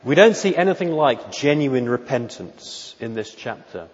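A man preaching an expository sermon in church, measured and emphatic, often asking rhetorical questions. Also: mid-range voice, sing-song. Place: church during a worship service. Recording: dull lo-fi recording with long hall reverb.

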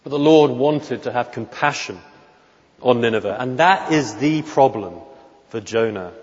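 A man preaching an expository sermon in church, measured and emphatic, often asking rhetorical questions. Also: mid-range voice, expressive. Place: church during a worship service. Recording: dull lo-fi recording with long hall reverb.

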